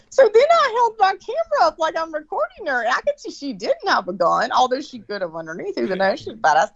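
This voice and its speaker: Woman guest, swears a lot, chatty storyteller, pitch jumps all over, dull muffled line. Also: normal speed, vocal fry, dry recording. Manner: profane, animated, many fillers and restarts. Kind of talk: casual storytelling chat. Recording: dull lo-fi sound, dry.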